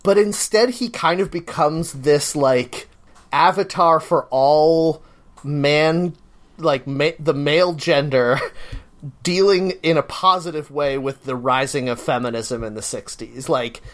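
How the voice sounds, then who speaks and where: A man co-hosting a podcast, chatting casually and telling stories with animated laughter. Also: on the high side, takes it slowly. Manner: animated storytelling with laughs and swearing. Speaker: podcast co-host. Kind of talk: casual chat.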